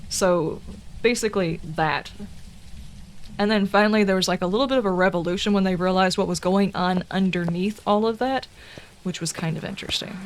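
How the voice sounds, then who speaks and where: A woman's voice: medium pitch, fairly quick, slight background noise. A woman with a Southern American accent, chatting casually and rambling through tangents while streaming a game. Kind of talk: casual chat while gaming.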